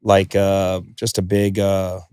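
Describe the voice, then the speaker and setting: A man telling a story as a podcast guest, animated, acting out quotes and swearing freely. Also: sits low, slow, clear, resonant tone, no room sound, studio quality. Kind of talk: podcast interview.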